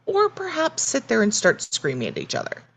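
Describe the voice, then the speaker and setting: A woman's voice: fairly high pitch, huge pitch swings, a little fast, creaky. A woman co-hosting a podcast, recapping a TV episode in casual, reflective chat and acting out the characters' lines. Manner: reflective, restarts mid-sentence, acts out characters' lines. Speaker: podcast co-host.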